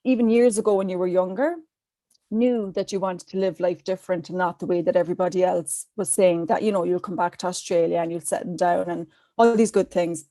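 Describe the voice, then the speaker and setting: A woman's voice: fairly low pitch, steady tone, fairly quick, dark tone, no room sound. A woman from Ireland asks long, rambling questions in a casual podcast chat. Her voice is recorded dry and close, with no room sound. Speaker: guest interviewer.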